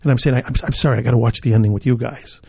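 Older man, from Chicago, podcast guest, gravelly, husky, storytelling, acts out other people's lines. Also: medium pitch, fairly even intonation, very fast, a little mellow, no echo, studio quality. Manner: acts out other people's lines, repeats himself, laughs as he talks. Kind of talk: animated storytelling.

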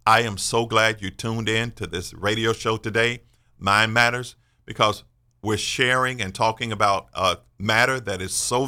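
A man's voice: fairly low pitch, bright, forceful tone. A man in his sixties hosting a faith-based radio talk show, speaking earnestly and emphatically in a sermon-like way. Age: 60s. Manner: earnest, emphatic, personal testimony.

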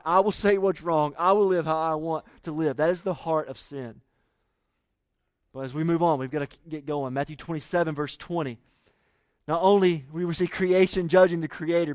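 A man's voice: fairly high pitch, no room sound. A man preaching a sermon, reading scripture and asking the listeners earnest questions. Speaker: pastor.

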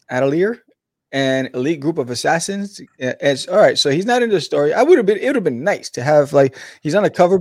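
A man's voice: fairly high pitch, darkish tone, no room sound, studio quality. A man co-hosting a casual chat, laid-back with slang and lots of fillers. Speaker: podcast co-host, comic artist.

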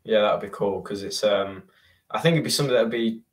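Male guest, lowish voice, halting phrasing. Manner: hesitant, searching for words. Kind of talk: casual interview chat.

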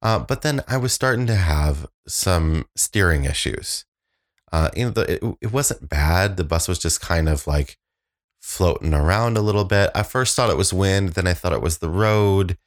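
A man's voice: sits low, normal speed. A middle-aged man co-hosting a podcast, recounting a road trip in a hesitant, sheepish way full of fillers. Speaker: podcast co-host. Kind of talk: casual storytelling chat.

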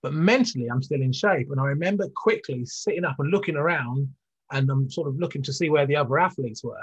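A middle-aged former athlete, a guest in an interview, tells his story candidly and earnestly, full of fillers and restarts. His medium-pitched voice moves quickly and has a breathy edge, heard on a dull lo-fi recording.

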